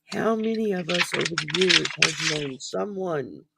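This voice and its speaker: A man's voice: fairly high pitch, unhurried, gravelly, heavy background noise. A man hosting a casual talk about mental wellness, rambling with many ums and restarts, sounding sleepy. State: sleepy, yawning. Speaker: podcast host.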